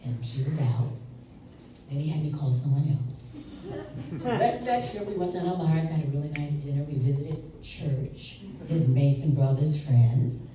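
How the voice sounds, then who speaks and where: A woman's voice: low voice, normal speed, distant mic. A woman storyteller telling a humorous family story at a live story slam, with audience laughter. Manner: animated, humorous, acts out voices. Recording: echoey live stage from afar. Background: audience laughter and room noise.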